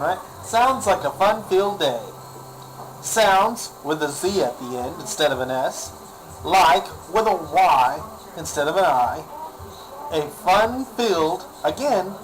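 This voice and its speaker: A man's voice: fairly high pitch, rough recording. A man ranting in a casual vlog, exasperated and sarcastic, often repeating himself. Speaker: vlogger.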